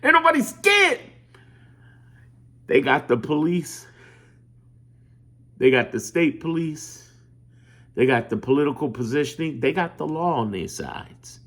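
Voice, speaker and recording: A man from Chicago talking in a loose, animated monologue, rambling, swearing and laughing as he tells stories. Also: medium pitch, unhurried, long pauses. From Chicago, USA. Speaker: political commentator. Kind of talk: casual monologue.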